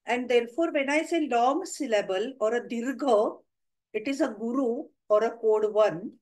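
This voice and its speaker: Woman, Indian English accent, middle-aged, slightly high voice, methodical webinar lecturer. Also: moderate pace, a little mellow, rough recording. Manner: methodical, counts through examples step by step. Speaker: webinar presenter on math history. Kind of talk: lecture with slides.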